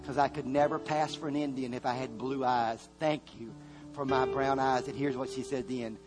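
A man preaching a sermon to a congregation, telling a story and then leading prayer, earnest and slowing down to stress key words. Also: medium pitch, steady tone. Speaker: pastor. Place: church service before a congregation. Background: soft guitar music.

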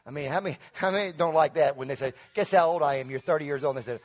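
A middle-aged male pastor preaching a sermon in church, calling on the congregation to answer back and building to loud emphatic peaks. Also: a little high, very fast. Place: church sanctuary.

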